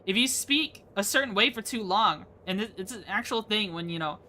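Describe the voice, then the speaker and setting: A young woman streamer talks to her chat in a bright, forceful voice. She jumps from topic to topic, rambling and laughing along the way. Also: mid-range voice, expressive, fairly quick, a little hiss or hum. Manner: chatty, rambling, laughs often. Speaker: VTuber streamer. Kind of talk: casual live-stream chat.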